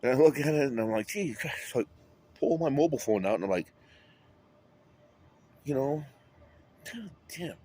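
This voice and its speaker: A man's voice: medium pitch, expressive, fairly quick, long pauses, mellow. A man talking in a rambling monologue, drifting between topics and swearing often. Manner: rambling, wandering, with frequent swearing.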